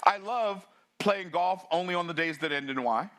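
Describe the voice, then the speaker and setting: A man, giving a fiery motivational talk that surges between low, intense stretches and excited outbursts. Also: moderate pace. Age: 60s. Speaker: summit speaker.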